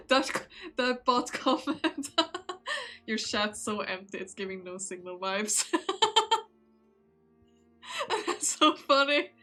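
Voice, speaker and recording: A sleepy woman streamer chats casually with her viewers while reading a visual novel. Her voice is bright and lively in a giggly, chatty way. Soft music runs faintly behind her. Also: medium pitch, extremely slow, pauses often. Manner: chatty and giggly, talking to chat. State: sleepy, yawning.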